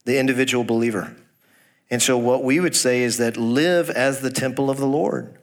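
Male pastor, mid-pitched voice, folksy sermon delivery with direct questions to the congregation. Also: steady tone, normal speed. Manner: reads scripture aloud; folksy, jokes about a Texas accent.

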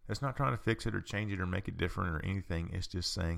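A man hosts a podcast, delivering a conversational teaching talk and repeating his points for emphasis. His low-pitched voice moves fast, with vocal fry and a slightly bright quality.

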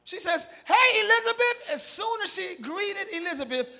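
A man pastor preaching a lively storytelling sermon in church, moving between hushed talk and shouts. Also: extremely high pitch, moderate pace. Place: church sanctuary, live service. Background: soft band music.

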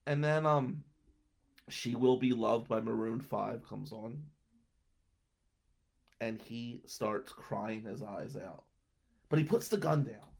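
A man's voice: medium pitch, slow, vocal fry, pauses often, darkish tone, slight background noise. A young man telling a rambling personal anecdote and laughing between lines. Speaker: storyteller. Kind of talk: casual anecdote.

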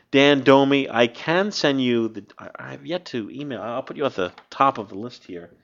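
A man's voice: medium pitch, moderate pace, gravelly, fairly bright tone. Guy hosting a podcast, rambly, keeps restarting, laughs a lot, kinda dull lo-fi audio. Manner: rambling, self-interrupting, laughs often. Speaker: podcast host. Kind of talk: casual chat. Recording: slightly dull lo-fi sound.

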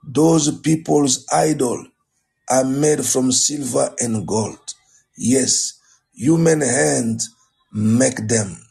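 A male pastor giving a morning sermon and prayer, slow and deliberate, repeating his phrases. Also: mid-range voice, gravelly, mellow.

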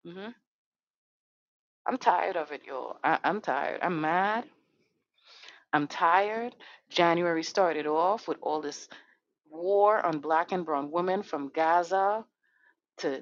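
A woman with a lowish voice hosts a podcast, speaking slowly and pausing often through an angry, profane monologue packed with rhetorical questions. The recording is dull, dry and lo-fi.

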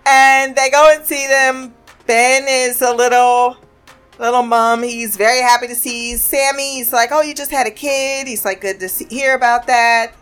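A woman casually recapping a TV episode, animated and profane, acting out the characters' lines. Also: a little high, normal speed, clean tone, soft background music.

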